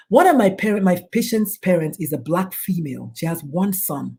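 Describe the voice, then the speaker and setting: A woman's voice: mid-range voice, expressive, fairly quick, few pauses, warm tone. A middle-aged woman speaking as a guest in a talk show interview, emphatic and preachy, often acting out the people she quotes. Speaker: guest, doctor and suicide prevention speaker.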